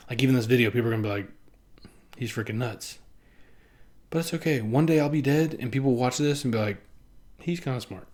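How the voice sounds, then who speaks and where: Speaking casually to camera, the young vlogger rambles, curses freely, mocks himself and keeps laughing. His pitch is ordinary middle male range with a darkish tone, and he slips into quick put-on voices to act out other people.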